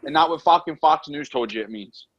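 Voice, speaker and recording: A man's voice: a little high, fairly quick, noisy background. An American man in casual talk, ranting in frustration and swearing a lot. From United States. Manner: profane, exasperated ranting. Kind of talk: casual heated chat. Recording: dull lo-fi sound.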